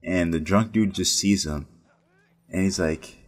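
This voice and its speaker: A man's voice: sits low, unhurried. A man casually telling a story about his work as a casino dealer, rambling and profane, with many restarts.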